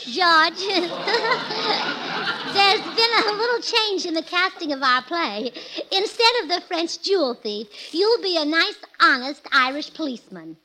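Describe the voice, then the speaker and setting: A high, bright woman's voice bounces through a 1940s radio comedy with a scatterbrained, earnest delivery. Her lines lurch up and down in pitch, and her tone stays sunny and crisp throughout. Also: expressive, slow, a little hiss or hum, poor audio.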